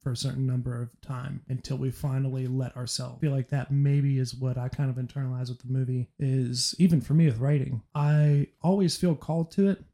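A man hosting a podcast, chatting casually about movies and retelling scenes with animated laughter. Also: mid-range voice, creaky. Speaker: podcast host.

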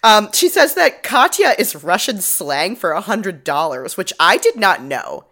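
A woman's voice: medium pitch, very animated, a little slow, fairly bright tone. A woman co-hosting a casual podcast, recapping a TV episode in a chatty, profane way and mimicking the characters' lines. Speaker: podcast co-host.

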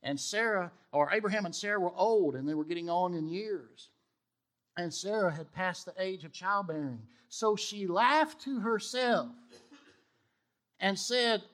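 A high-voiced man preaching a sermon. He tells stories with energy and acts out the voices of the people in them. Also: measured pace. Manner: animated storytelling, acts out the dialogue of the people he quotes. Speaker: pastor.

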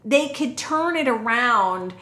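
A woman's voice: a little high, lively intonation, bright, forceful tone, roomy sound. A woman in her forties co-hosting a podcast, talking bluntly and mocking herself. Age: 40s. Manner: blunt, self-mocking, quick bursts of laughter. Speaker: podcast co-host. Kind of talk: casual chat.

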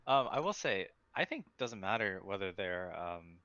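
A man's voice: deep voice, big pitch swings, moderate pace, fairly bright tone. A man on a podcast panel giving opinions in casual sports chat, emphatic and sure of himself. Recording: dry, dull lo-fi recording.

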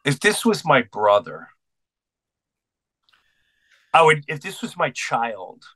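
Man, middle-aged, bright tone, dry close sound, earnest storyteller, voices each side of the dialogue. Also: mid-range voice, sing-song, slow, no echo. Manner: intense, earnest storytelling, acts out both sides of quoted dialogue. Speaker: guest comedian. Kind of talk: storytelling in a podcast interview.

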